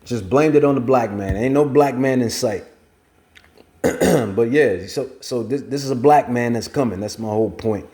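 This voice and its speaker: A man's voice: medium pitch, moderate pace, warm tone. A man preaching and reading scripture at length, rambling and repeating phrases for emphasis, with features. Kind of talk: scripture teaching.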